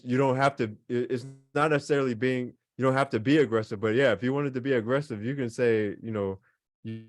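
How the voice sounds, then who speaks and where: In this online class lesson, a man teaches a beginners' language class, explaining things casually with plenty of fillers and repeated examples. His voice is mid-range, and the studio-quality recording has no echo.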